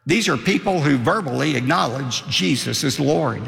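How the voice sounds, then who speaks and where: Older male pastor, gravelly, swooping animated delivery, echoing hall. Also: a little high, moderate pace, hardly any pauses. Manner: emphatic preaching with dramatic rises and drops. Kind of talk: sermon.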